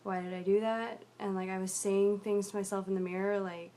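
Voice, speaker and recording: A young woman telling a personal story in a video diary, rambling and confessional with many fillers, often dropping to a quiet mutter. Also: mid-range voice, flat delivery, a little fast, few pauses.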